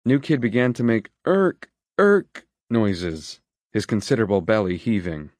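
Male narrator, lowish voice, dry close studio sound, steady reading. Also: measured pace, dry recording. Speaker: audiobook narrator. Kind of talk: scripted narration.

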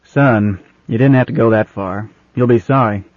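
A husky-voiced man playing a wry, worldly senior man in an audiobook, dry, gently teasing and fatherly. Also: mid-range voice, normal speed, no room sound, phone-quality sound, close to an everyday voice.

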